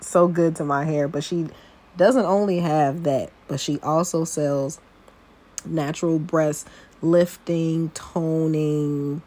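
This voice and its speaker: A woman's voice: low-pitched, warm tone. A young adult woman hosting a personal podcast, chatty and confiding as she talks straight to her listeners. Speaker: podcast host. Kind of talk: casual personal podcast talk.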